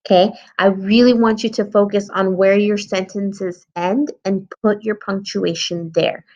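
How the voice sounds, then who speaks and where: A woman's voice: mid-range voice, steady tone, a little slow, darkish tone. A woman teacher giving a writing lesson to young children, patiently thinking aloud as she edits her story. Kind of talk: early-grade writing lesson. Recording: slightly dull lo-fi sound.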